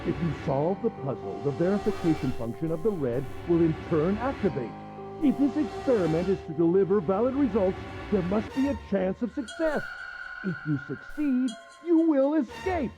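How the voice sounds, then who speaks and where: An actor playing a pompous, cruel gentleman villain who mocks his captive and laughs at her. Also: sits high, expressive, normal speed, poor audio. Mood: mocking. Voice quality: mocking, theatrical, with cruel laughs. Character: sneering, pompous gentleman villain, adult man. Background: game music.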